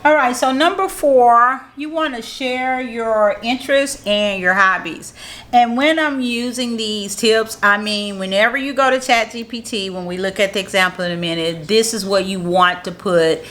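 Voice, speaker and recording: Upbeat, bright-voiced woman teaching marketing. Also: a little high, normal speed. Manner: upbeat, positive, motivational; repeats points in plain, encouraging teaching talk. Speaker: marketing strategist. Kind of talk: casual how-to tutorial to camera.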